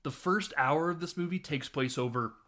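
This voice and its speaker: A man hosts a podcast and recaps a film scene by scene. His voice sits a little high, and he laughs often and slips into the characters' lines. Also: normal speed, pushed and bright. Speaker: podcast host. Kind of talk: casual film recap with acted quotes.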